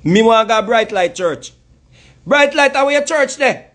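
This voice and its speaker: Jamaican man, very high voice, heated mocking commentary, frequent laughter. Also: lively intonation, unhurried, fairly bright tone. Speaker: commentary host. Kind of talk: casual commentary rant.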